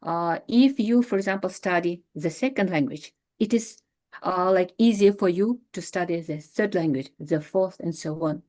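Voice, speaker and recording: A woman from Kazakhstan with a Russian accent, giving an academic lecture as a guest lecturer, pausing often to search for words. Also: fairly low pitch, darkish tone. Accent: Russian-accented English.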